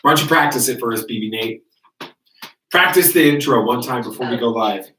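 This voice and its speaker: A man's voice: medium pitch, a little fast, bright, forceful tone. A man hosting a podcast, teasing his co-hosts and hurrying them to start recording. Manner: teasing, bossy, hurrying the others along. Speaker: podcast host. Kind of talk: casual chat before a podcast recording. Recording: echoey room, mic far off, faint noise.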